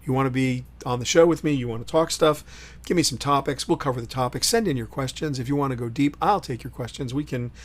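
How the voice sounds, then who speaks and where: Middle-aged guy hosting his own stream, opinionated and punchy, gets loud then drops quiet. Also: medium pitch. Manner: emphatic, opinionated, swings between loud punches and quiet asides. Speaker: host. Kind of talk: solo livestream commentary.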